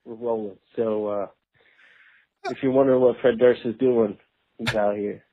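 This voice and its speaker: A man doing an impression of a famous rock singer who is laid-back and self-promoting. He leaves a voicemail in a mumbling low drawl with sudden sung outbursts. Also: steady tone, normal speed, husky, lightly acted. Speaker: voicemail caller. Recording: tinny phone voicemail.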